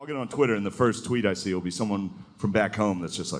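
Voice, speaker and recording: A man's voice: fairly low pitch, fast talker, noisy background. A man in his thirties doing stand-up comedy, laid-back and crude, mocking people and acting out characters.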